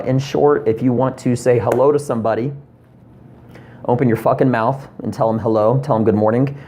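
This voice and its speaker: A man's voice: fairly low pitch, dark tone, slight background noise. A man in his thirties delivering a rambling, profane comedy rant to camera, full of ums and asides. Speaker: comedian vlogger.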